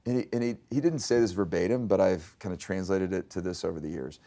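A man's voice: sits low, quick pace, vocal fry, hardly any pauses. A man in his fifties, a company CEO, telling stories in a business interview and acting out the dialogue. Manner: animated storyteller, acts out quoted dialogue.

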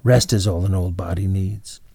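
A man voicing a robber disguised as a feeble old woman, with a hoarse, rasping voice. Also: deep voice, fairly even intonation, normal speed, warm tone, dry recording, full character voice. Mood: pleading. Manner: feeble, pleading, then sly.

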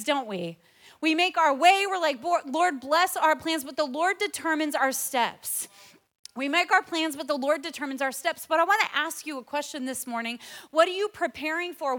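A woman in her forties preaching a lively sermon to a church congregation, acting out quotes and laughing often. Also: sits high. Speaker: pastor. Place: church auditorium.

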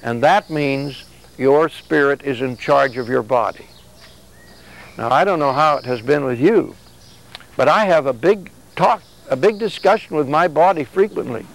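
A man's voice: mid-range voice, expressive, normal speed, gravelly, rough recording. A man giving a sermon in a conversational way, often acting out back-and-forth exchanges to make his points. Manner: conversational preaching with acted-out exchanges. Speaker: religious speaker.

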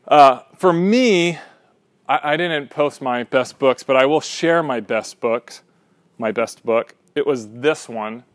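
A young man leading a teaching discussion, animated and often checking in with a quick "right?", sometimes restarting mid-sentence. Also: medium pitch, no echo. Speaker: class leader.

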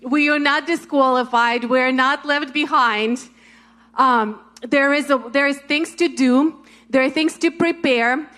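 A woman's voice: sits high, fairly even intonation, unhurried, fairly bright tone. A woman preaching in a casual, encouraging way, full of "like" and "right?". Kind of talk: conversational sermon.

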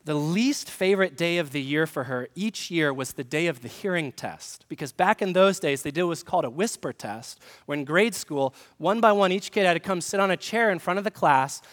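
A man's voice: on the high side, animated, moderate pace, few pauses, fairly bright tone, long reverb tail. A man, a pastor, giving a conversational sermon with humor and direct questions to the congregation. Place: church sanctuary.

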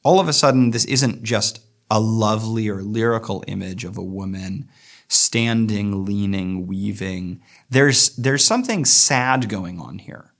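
Low gravelly man giving a poetry lecture. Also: fairly bright tone. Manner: thoughtful, reflective, reads verse aloud slowly. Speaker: literature lecturer. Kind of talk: poetry lecture with read-aloud quotes.

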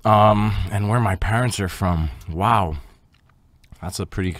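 A man's voice: on the low side, measured pace, fairly bright tone, no room sound, clean studio sound. Joking man chewing through an interview. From Canada. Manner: joking, self-deprecating, talks while chewing food. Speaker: guest rapper. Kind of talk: casual interview chat. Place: home room.

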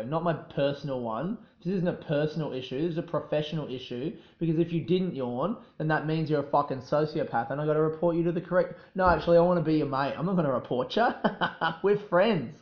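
Young aussie bloke rambling on his podcast, swears a lot, keeps going off track, voice a bit high, kinda echoey and dull sound. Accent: Australian. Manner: rambling, profane, self-mocking, easily sidetracked. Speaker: podcast host. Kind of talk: casual solo podcast chat.

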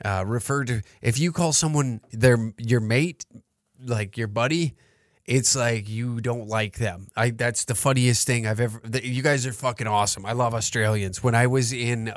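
A man's voice: mid-range voice, no echo, studio quality. A man hosting a podcast, riffing in a crude, rambling comedic monologue full of swearing. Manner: profane, rambling, joking. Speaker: podcast host.

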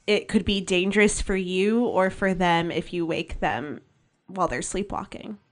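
A woman in her twenties co-hosting a podcast, playful and quick to laugh in casual chat. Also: fairly low pitch. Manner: playful, laughs easily, chatty asides. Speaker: podcast co-host.

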